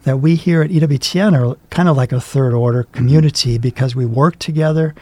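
A man co-hosting a religious talk show, speaking in a gentle, reflective way. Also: medium pitch, a little fast.

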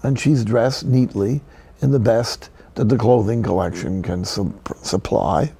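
An older man, a Catholic friar and priest, delivers a broadcast sermon as measured storytelling with solemn pauses. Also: on the low side, vocal fry, mellow, breathy edge.

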